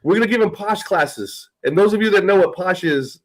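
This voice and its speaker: A man's voice: sits high, animated, fairly quick, hardly any pauses, poor audio. A man hosting a podcast, chatting casually in a profane, rambling way and laughing often. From United States. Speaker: podcast host. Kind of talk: casual chat.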